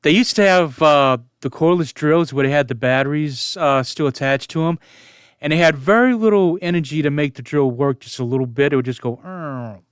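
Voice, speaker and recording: Man in his forties, fairly high voice, smooth and clear, casual storytelling, stifling laughs, dry close mic. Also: a little fast, no room sound. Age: 40s. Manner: chuckling, keeps fighting back laughter. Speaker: vlogger.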